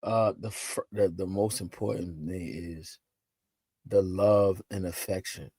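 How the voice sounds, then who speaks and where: A man's voice: takes it slowly, husky. A man speaking chats as a podcast guest. He tells stories with energy and jumps his voice up when he quotes family and friends. The sound is close and dry, with no room echo. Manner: animated storyteller, acts out quotes with rising pitch. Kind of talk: casual podcast conversation.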